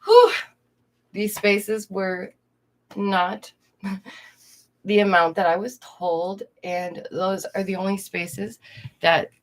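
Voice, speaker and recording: A young streamer and art teacher talks casually to her audience from home, laughing a lot and greeting viewers by name. Her mid-range voice barely moves in pitch, and she speaks slowly with long pauses.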